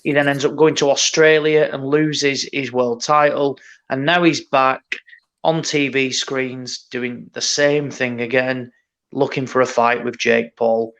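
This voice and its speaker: A man's voice: mid-range voice, fairly even intonation, measured pace, fairly bright tone. A man hosting a casual boxing podcast, blunt and sweary as he runs through nominations. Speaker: podcast host.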